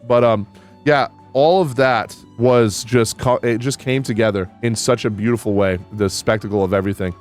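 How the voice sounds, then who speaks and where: Man, gaming youtuber, casual game review, candid and excitable, swears freely, lowish voice, faint music behind. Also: clear, resonant tone.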